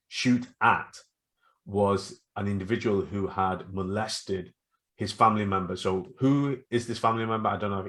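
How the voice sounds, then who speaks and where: A man co-hosting a casual podcast, retelling stories with lively acted-out quotes. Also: on the low side. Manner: animated storytelling, acts out quotes. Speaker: podcast co-host. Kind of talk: casual chat.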